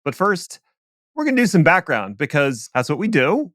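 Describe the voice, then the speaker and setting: A man's voice: on the high side, very animated, a bit bright, no room sound, clean studio sound. A man hosting a podcast, joking around in casual chat over a remote call. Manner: jokey, playful, quick to laugh. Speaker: podcast host.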